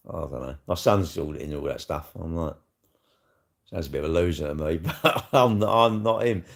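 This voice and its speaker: A man's voice: sits low, moderate pace, creaky. A middle-aged man with a South East London accent, chatting casually on a live stream in a blunt, sweary, rambling way.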